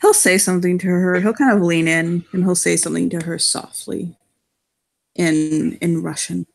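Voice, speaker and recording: A woman with a gravelly, husky voice who describes her character's moves in a tabletop game. She talks casually, pitched low for a woman. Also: fairly even intonation, moderate pace. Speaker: player. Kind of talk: narrating her character's actions.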